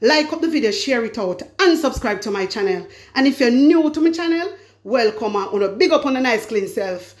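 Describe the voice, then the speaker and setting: A Jamaican woman with a high voice talks straight to her viewers on her vlog. She rants about politics in a scolding, emphatic way and hammers her points home by repeating them. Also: lively intonation, moderate pace. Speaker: commentary vlogger. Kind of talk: political commentary rant.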